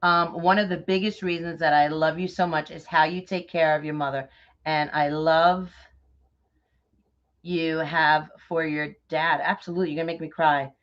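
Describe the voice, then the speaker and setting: A middle-aged woman from New York with a New York accent, chatting warmly and effusively with viewers by name while crafting on a livestream. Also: low voice, flat delivery, moderate pace. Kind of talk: casual livestream chat while crafting bows. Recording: dull lo-fi livestream audio.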